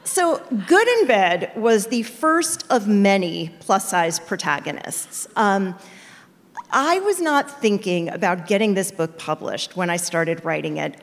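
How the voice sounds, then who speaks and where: A middle-aged novelist telling stories in a chatty, self-deprecating way, full of fillers, as an interview guest. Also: female voice, on the low side, big-room sound. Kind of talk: storytelling conversation.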